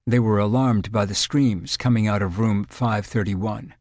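A man narrating an audiobook in a measured, clinical storytelling manner. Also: lowish voice, fairly even intonation, darkish tone, no echo, clean studio sound.

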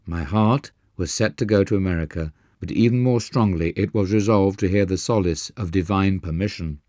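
Deep-voiced man reading a memoir. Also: moderate pace, darkish tone, no echo, studio quality. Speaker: narrator. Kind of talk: audiobook narration of a memoir.

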